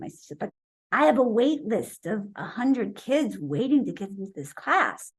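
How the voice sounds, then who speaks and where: Lively high-voiced woman in her sixties. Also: moderate pace, breathy edge. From Wisconsin, USA. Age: 60s. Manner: animated storyteller, acts out quoted voices. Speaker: guest. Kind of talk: storytelling interview.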